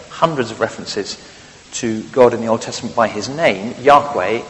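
A man's voice: mid-range voice, vocal fry, big-room sound, poor audio. A man preaching a sermon, conversational and wry, with frequent fillers.

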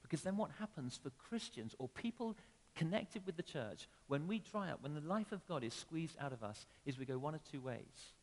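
Preacher guy, kinda high voice, big echoey church hall, chatty sermon. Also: animated, normal speed. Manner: conversational with emphatic rises and sudden drops. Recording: long reverb of a church hall.

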